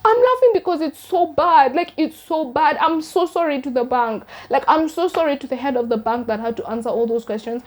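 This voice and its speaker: A young woman with a Kenyan accent and a high voice tells a true crime story for her channel. She is sarcastic and keeps firing off disbelieving rhetorical questions at the people who were fooled. Her talk stays loose and chatty. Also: expressive, fairly quick, few pauses. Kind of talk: casual commentary on a crime case.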